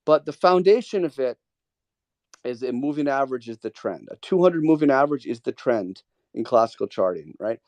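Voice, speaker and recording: A man's voice: mid-range voice, expressive, fairly quick, a little mellow, no room sound. A man hosting a live trading Q&A, talking casually and coaching callers with emphatic, repeated points. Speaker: host of a trading Q&A. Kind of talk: casual mentoring talk.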